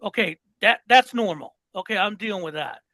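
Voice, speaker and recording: A man's voice: high-pitched, animated, fairly quick, bright, forceful tone, no room sound, rough recording. An older man co-hosting a political podcast, ranting with passion and plenty of profanity. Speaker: podcast co-host. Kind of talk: heated political podcast chat.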